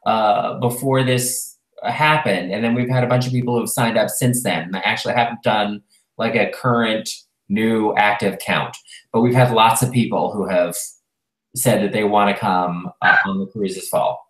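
A man's voice: on the low side, steady tone, moderate pace, a bit bright. A man co-hosting a casual talk show, chatting and rambling with lots of fillers. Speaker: podcast co-host. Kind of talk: casual chat. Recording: roomy echo.

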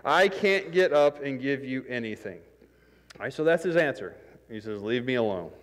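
A man's voice: medium pitch, expressive, normal speed, a bit bright. A man preaching a sermon in a conversational, self-deprecating way, acting out the scenes he describes. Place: church sanctuary. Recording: long hall reverb.

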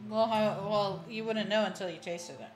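A woman's voice: medium pitch, fairly even intonation, moderate pace, soft background music. A woman streaming a game with friends, teasing them, laughing often and swearing. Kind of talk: casual chat while playing.

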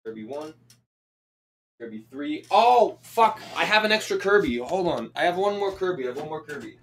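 Excitable, swearing young male streamer. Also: fairly high pitch, moderate pace, a little hiss or hum. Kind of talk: casual live-stream chat.

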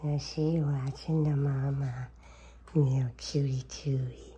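Her voice is a rumbling low, slow and mellow, slightly rough, with fairly even intonation, and the sound is lo-fi. She's a cat owner at home at a table with coffee, filming her cats and giving them casual baby talk full of cooing and sing-song whispers.

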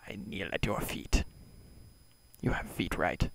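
Deep gravelly man muttering deadpan. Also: slow, pauses often, whispered, poor audio. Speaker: gamer playing a block-building game. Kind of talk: deadpan game commentary to himself.

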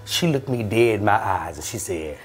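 A man hosting a podcast, telling a comedic story in an animated, profane way. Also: on the low side, moderate pace, a little hiss or hum. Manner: animated, profane, swaps between voices. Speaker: podcast host.

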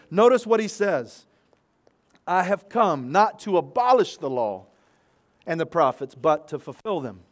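A man who is a pastor, preaching an earnest sermon at an outdoor church service, praying and repeating key phrases for emphasis. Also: high voice.

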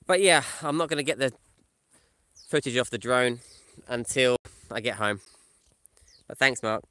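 Chatty man on a bright, crisp live stream. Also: medium pitch, animated, normal speed, no echo. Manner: casual, chatty, reads comments aloud and answers them. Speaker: van life vlogger. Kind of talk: live stream chat, reading viewer comments. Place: in a camper van or parked outdoors.

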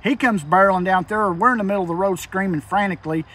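A man's voice: sits high, fast, bright, forceful tone, far from the mic, rough recording. Tense man telling a hunting story. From Kentucky. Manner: rural dialect, tense and emphatic. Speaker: hunter telling an encounter. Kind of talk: casual storytelling. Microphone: phone call.

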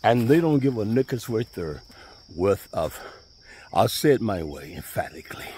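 His voice is on the low side and dark, swinging widely in pitch at a moderate pace. He walks by a pond giving a relaxed, folksy video tour of his land in a Southern US way, amid faint outdoor noise of birds and insects.

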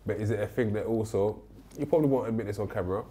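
A man's voice: lowish voice, rapid-fire, warm tone. A man interviewing a guest, asking questions in a hesitant way and often restarting them. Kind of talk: casual interview.

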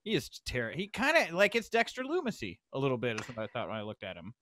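A man hosting a podcast in casual chat, recapping events with lively, excitable asides. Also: medium pitch, quick pace, slight background noise. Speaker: podcast host.

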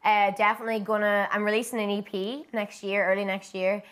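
A woman's voice: medium pitch, little pitch movement, brisk. Bubbly young Northern Irish woman. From Derry, Northern Ireland. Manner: bubbly, giggly, chatty. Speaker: singer guest. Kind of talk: casual interview chat.

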